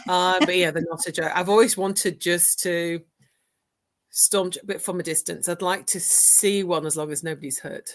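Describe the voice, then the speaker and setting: Woman co-host, lowish voice, earnest and repetitive, answers viewer comments. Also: fairly even intonation, normal speed. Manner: earnest, repeats herself, reads out viewer comments. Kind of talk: casual livestream chat.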